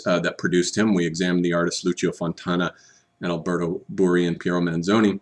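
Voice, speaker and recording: A man giving an art history lecture, explaining slowly and often restarting his phrases as he goes. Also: low voice, little pitch movement. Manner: measured, restarts and repeats phrases while explaining.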